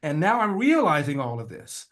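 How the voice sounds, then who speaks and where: Older guy on a podcast telling stories abt his dad, animated, repeats phrases for rhythm. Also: fairly high pitch, normal speed. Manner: animated, builds rhythm with repetition; acts out family dialogue in changing voices. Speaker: podcast guest. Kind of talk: personal storytelling.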